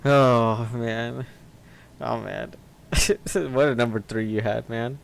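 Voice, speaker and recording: A man's voice: mid-range voice, steady tone, slow, gravelly. A man co-hosting a podcast, complaining about films in exasperated, profane casual chat. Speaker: podcast co-host. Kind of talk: casual film review chat.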